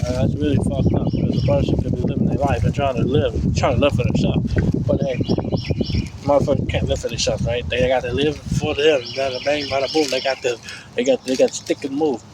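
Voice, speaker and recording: A man's voice: medium pitch, flat delivery, a little fast. A man in a rambling, repetitive, profane casual rant, recorded outdoors. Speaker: vlogger. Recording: outdoor street noise.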